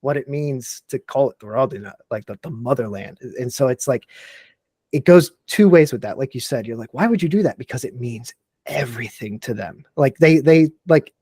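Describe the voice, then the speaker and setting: A man's voice: mid-range voice, normal speed, breathy edge, no room sound. A man, a guest on a podcast talking casually. He talks with lots of emphasis, uses "like" constantly and swears freely. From Texas and Tennessee, USA. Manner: animated, emphatic, fills speech with "like", swears freely. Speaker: podcast guest, military veteran. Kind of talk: casual chat.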